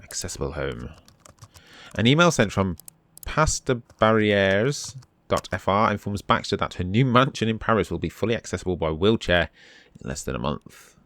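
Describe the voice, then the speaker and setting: Deep-voiced man reading game text. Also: normal speed, no room sound. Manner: dry asides, reads on-screen text in a steady voice. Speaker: let's play host.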